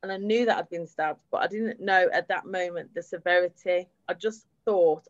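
A woman's voice: on the low side, normal speed, few pauses, no echo, muffled recording. A woman, candidly retelling her own experience at a public event. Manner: candid, steady retelling with fillers. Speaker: survivor sharing her story. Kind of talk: personal testimony at a public event.

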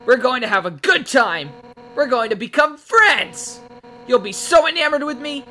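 A woman's voice: high voice, expressive, normal speed, sharp tone, pitched above the performer's own voice. A woman voicing a fierce, hot-tempered female fish warrior who talks in a brash, boastful way.

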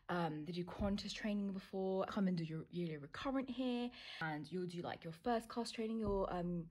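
A woman's voice: mid-range voice, darkish tone, slightly rough. A young woman, chatting casually in a vlog and dropping into half-whispers. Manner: chatty, lots of fillers, often half-whispered. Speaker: vlogger.

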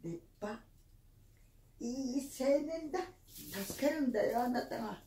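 A woman's voice: sits high, a little fast, dark tone. An older woman, a grandmother, talking at home in a doting, praising way. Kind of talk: casual family talk. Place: indoors at home. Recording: roomy room echo.

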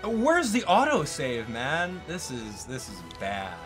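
A young man giving casual live-stream commentary on a video game, swinging from low mumbles to loud disbelief. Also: huge pitch swings, slow, over music. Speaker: gaming YouTuber.

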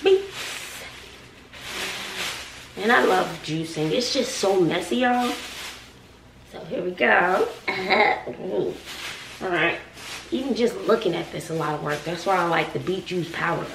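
A woman's voice: fairly low pitch, measured pace, gravelly, fairly bright tone, distant mic, a little hiss or hum. A woman in her forties, a schoolteacher, chatting casually to viewers while cooking in her home kitchen, sassy and talkative. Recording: echoey room, voice off-mic.

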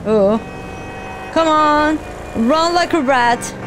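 A woman's voice: high-pitched, drawn-out words, noisy background. A woman hosting a gaming channel, commenting on a game in an emotional, teary, laughing way. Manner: sing-song, teary, laughing.

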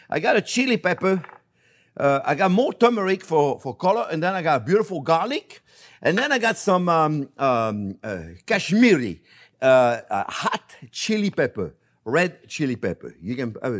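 An older man from France with a French accent, hosting a casual cooking demonstration, chatty and self-amused, often calling viewers friends. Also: fairly high pitch. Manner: chatty, repeatedly calls viewers friends, laughs at himself. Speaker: cooking show host.

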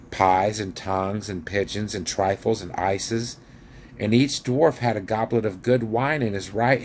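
Calm, low-voiced man reading a story. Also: slight background noise. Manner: calm, measured reading aloud. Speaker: reader.

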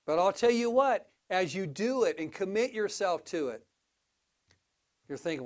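Animated male pastor preaching. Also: moderate pace. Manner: animated, rising to exclamations and dropping low, many restarts. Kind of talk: sermon. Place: church.

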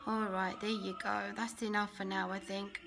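A woman chatting casually to viewers on a live phone video from home, emotional and quick to laugh, a little out of breath. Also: mid-range voice, little pitch movement, vocal fry, over music. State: slightly out of breath. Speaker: Christian vlogger.

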